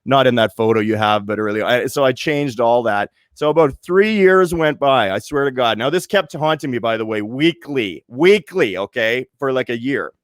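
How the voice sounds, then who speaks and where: A man from Winnipeg in his late forties, co-hosting a podcast and telling a story in lively casual chat, acting out the voices as he goes. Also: mid-range voice, moderate pace, hardly any pauses, no room sound, clean studio sound. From Winnipeg, Canada. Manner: animated storyteller, restarts and acts out voices. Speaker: podcast co-host.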